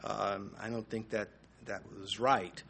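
A man's voice: on the low side, flat delivery, slow, creaky, a bit bright, slight background noise. A middle-aged man teaching through a Bible passage verse by verse, reading scripture aloud and commenting in a conversational way with fillers and small chuckles.

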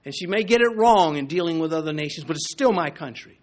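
A man delivering a sermon with earnest conviction. His voice sits a little high for a man, and he builds through emphatic repeated phrases, now and then pausing mid-thought to start again. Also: lively intonation. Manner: earnest, rises to emphatic repetitions. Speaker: preacher.

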